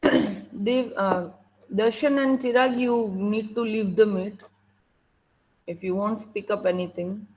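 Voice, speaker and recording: A woman's voice: medium pitch, steady tone, slow, noisy background. A woman teacher with an Indian English accent running an online class over a video call, strict and impatient as she prods students to answer.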